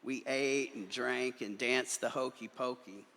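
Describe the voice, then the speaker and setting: Guy reading a kids story at church, gravelly voice, long echo from the big room. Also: medium pitch, a little slow. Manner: animated storytelling with voices for characters. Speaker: minister. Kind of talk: reading a children's story aloud. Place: church sanctuary. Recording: long reverb of a large hall.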